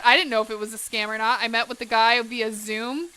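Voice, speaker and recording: Bright, lively woman streaming her cooking. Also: on the high side, brisk, clean tone. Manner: energetic, chatty and profane, talking to chat. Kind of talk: casual chat while cooking on stream.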